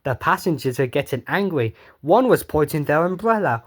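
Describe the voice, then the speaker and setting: A man's voice: fairly high pitch, lively intonation, moderate pace. A man casually reading his own storybook tale aloud, offhand and sweary, stumbling over words. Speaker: reader.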